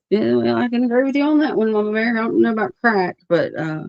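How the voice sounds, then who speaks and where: A woman's voice: fairly high pitch, quick pace, creaky, few pauses, no room sound. A woman rants on a livestream in a blunt, profane and rambling way, with many fillers. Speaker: livestream host. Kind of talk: livestream rant. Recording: dull lo-fi stream audio.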